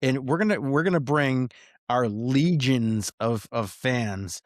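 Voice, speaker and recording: A man's voice: medium pitch, slow pace, no room sound, clean studio sound. A man co-hosting a soccer podcast in casual chat, joking and given to mock-grand rants. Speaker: podcast co-host.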